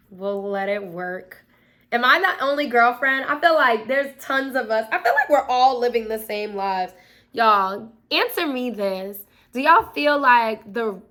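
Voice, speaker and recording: A young woman vlogs casually in a room at home, chatting to camera with lots of fillers and asides and calling her viewers "y'all." Her voice is a little high with a sharp tone.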